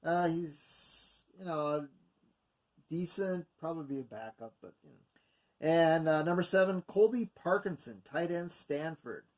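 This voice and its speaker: A man's voice: a little high, expressive, measured pace, a little mellow. A man casually going through mock draft picks from his notes, rambling with many fillers and self-corrections. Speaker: video host going over mock drafts. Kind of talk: casual unscripted commentary.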